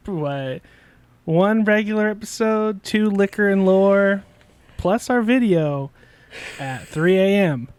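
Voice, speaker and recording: A man's voice: high voice, lively intonation, slow pace, darkish tone, clean tone. A man co-hosting a podcast in casual chat, self-deprecating and laughing through his words. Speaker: podcast co-host.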